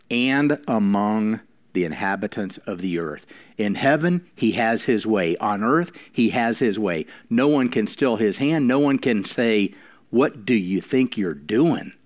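A man pastor preaching a sermon, slowing down for emphasis and dropping to quiet, intimate lines between louder emphatic ones. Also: fairly low pitch. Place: church.

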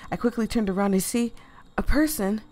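A woman reading a story game aloud to viewers, animated and expressive, swearing freely and breaking off into laughing asides. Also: mid-range voice, brisk. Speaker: gaming video creator.

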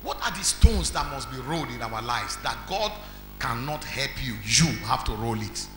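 A man with a Nigerian accent preaching a sermon as pastor, quizzing the congregation and building to shouts. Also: medium pitch, sing-song, normal speed. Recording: echoey hall with faint music.

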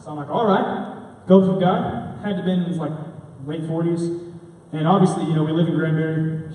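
A man's voice: fairly high pitch, warm tone. A young man telling a slangy, casual testimony story at a student rally. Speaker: student speaker. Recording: echoey hall from far off.

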